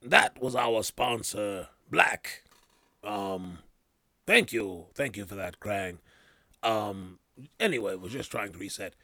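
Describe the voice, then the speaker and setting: A man's voice: on the low side, takes it slowly, sharp tone, no echo. A man hosting a casual podcast, rambling with loose slang, trailing off and restarting his thoughts. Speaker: podcast host. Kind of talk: casual chat.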